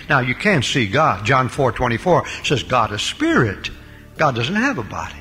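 An older man preaching a Bible lecture, with dramatic swings between loud emphasis and quiet asides. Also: medium pitch, very animated, normal speed, breathy edge, long reverb tail, faint music behind. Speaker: pastor. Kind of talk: recorded Bible lecture sermon.

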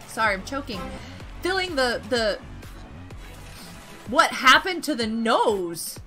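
Woman gamer streaming, high bouncy voice, unhurried, game music going behind her. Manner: excitable, chatty, greets and thanks viewers. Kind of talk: casual live-stream chat while gaming.

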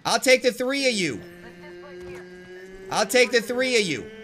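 A young man streaming a shooter game, trash-talking opponents and cheering his own plays with brash, excited commentary. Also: extremely high pitch, unhurried, faint music behind. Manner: brash trash talk with excited yelps and laughs. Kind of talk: live gameplay commentary. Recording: noisy game audio behind voice. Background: gunfire from the game.

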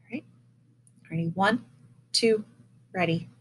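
A woman's voice: medium pitch, takes it slowly, a little hiss or hum. Encouraging woman teaching breathing. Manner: patient and encouraging, demonstrating breaths aloud. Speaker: elementary music teacher. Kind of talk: recorded online lesson for children. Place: indoors, seated in a chair. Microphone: camera in front of her.

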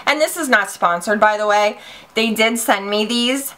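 A woman beauty vlogger giving a casual, excitable makeup review, gushing and swearing lightly. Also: fairly high pitch, moderate pace.

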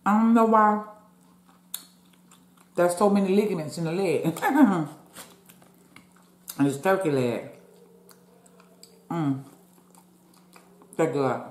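A woman's voice: lowish voice, expressive, takes it slowly, long pauses, reverberant. A woman vlogger chatting casually to viewers while she eats, sometimes talking with her mouth full. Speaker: mukbang vlogger. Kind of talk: casual chat while eating.

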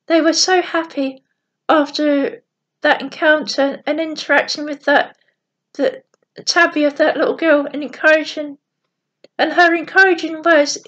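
A woman with a high voice reads a bedtime story gently and plainly, now and then stumbling over a word. The recording is dull and lo-fi. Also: steady tone, measured pace.

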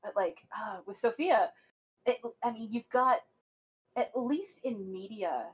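A woman's voice: a little high, animated, a little slow, dull audio. A woman co-hosting a podcast, talking eagerly in casual chat and swearing now and then. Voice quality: husky. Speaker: podcast co-host.

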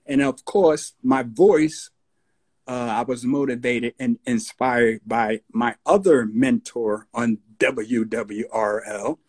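A man in his sixties with a New York accent, a guest recalling his past in a relaxed storytelling interview. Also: mid-range voice. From United States. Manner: slow, unhurried storyteller with husky tone, breaks into voices of radio DJs.

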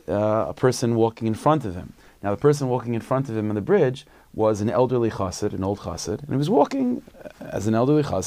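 A rabbi tells a story in a relaxed, conversational way, full of fillers. His voice is low and gravelly with a dark, mellow tone, recorded close and dry. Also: no room sound. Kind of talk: storytelling talk.

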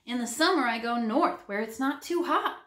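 A woman reading aloud and voicing an easygoing, blunt male hobo in a flat, matter-of-fact way. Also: fairly high pitch, normal speed, voice pushed up. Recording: roomy echo.

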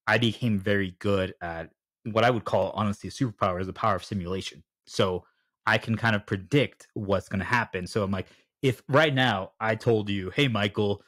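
A man's voice: on the low side, a little fast, a bit bright, dry recording, clean studio sound. A young man hosting a podcast interview, asking long rambling questions and acting out little quoted exchanges. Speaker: podcast host. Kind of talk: conversational interview.

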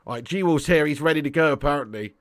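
A young man talks fast and excitably on his live stream while playing a football game. His voice sits fairly high for a man, and he jumps between cheeky banter, trash talk and loud thanks to viewers. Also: dry recording, studio quality. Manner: excitable and cheeky, swears, calls viewers legend and mate.

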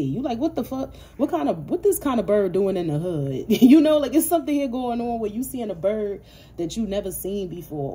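Low-voiced, profane woman reading tarot. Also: dark tone, a little hiss or hum. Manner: profane, laughing, playful hype-talk. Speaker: tarot reader. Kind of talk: casual tarot reading monologue.

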